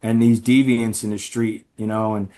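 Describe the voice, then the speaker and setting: A man's voice: fairly low pitch, flat delivery, normal speed, mellow. A man who used to be an undercover informant, telling stories as a podcast guest with frequent restarts and "right?" tag questions. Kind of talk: conversational storytelling.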